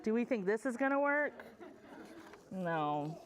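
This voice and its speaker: A woman librarian reading a picture book aloud at a preschool story time, animated and sing-song, stopping to ask the children questions. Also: on the high side, takes it slowly. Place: public library story room.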